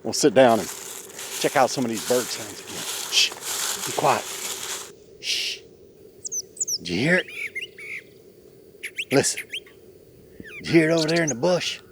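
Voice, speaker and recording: A man chatting casually on an outdoor vlog, hushing and coaxing while he walks and sits to listen for birds. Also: medium pitch, sing-song, unhurried, pauses often, background noise. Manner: hushed, coaxing, folksy. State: a bit out of breath. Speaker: vlogger. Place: outdoors in woods.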